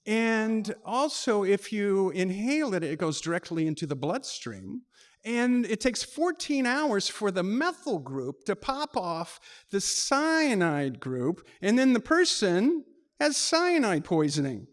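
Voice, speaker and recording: A man's voice: sits high, big pitch swings, slow, pitched above the performer's own voice, full character voice. A man voicing a middle-aged woman working a poison-control line, reading out facts in a matter-of-fact way.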